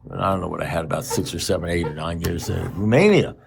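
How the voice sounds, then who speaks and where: A man's voice: sits low, quick pace, vocal fry, faint music behind. A man telling his story at a recovery meeting, rambling and self-mocking with dry humor. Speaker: AA speaker sharing his story.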